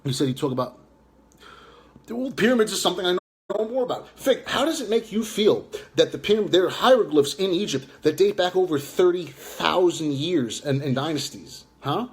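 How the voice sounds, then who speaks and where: A man's voice: sits high, expressive, normal speed. Taunting New York man ranting live. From Long Island, New York. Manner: taunting, mocking, rambling with fillers. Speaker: live stream host. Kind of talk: casual ranting live chat.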